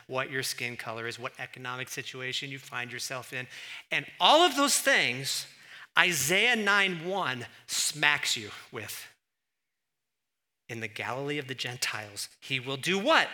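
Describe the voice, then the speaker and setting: A man preaching a sermon in an animated, emphatic way, full of rhetorical questions. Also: a little high. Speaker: pastor.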